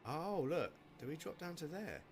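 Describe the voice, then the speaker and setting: Game music sits behind a man whose voice is a little high and very animated, at a normal pace. He's livestreaming a game and chatting loosely, swearing and laughing at how annoyed he's getting.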